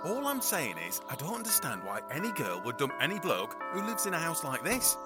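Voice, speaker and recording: A man's voice: on the high side, wildly swooping pitch, a little fast, loud music behind the voice. A man in a comedy sketch, cheeky and wisecracking.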